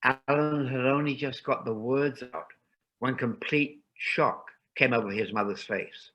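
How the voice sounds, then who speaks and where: A man reading a ghost story aloud in a calm, measured narration. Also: medium pitch, lo-fi sound.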